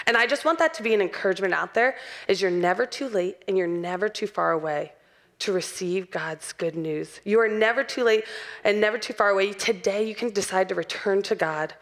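A woman's voice: medium pitch, moderate pace, fairly bright tone. A young adult woman preaching a sermon in an earnest, personal way and laughing lightly now and then.

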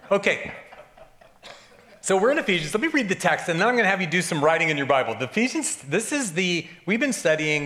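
A man's voice: a little high, bright, forceful tone. A man preaching a sermon to a congregation in church, joking and chatting informally as he teaches. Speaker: pastor. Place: church service before a congregation.

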